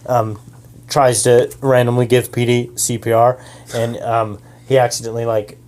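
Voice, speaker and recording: A woman's voice: rumbling low, little pitch movement, normal speed, a little mellow. A woman improvising a comedy story in a chatty, giggly way.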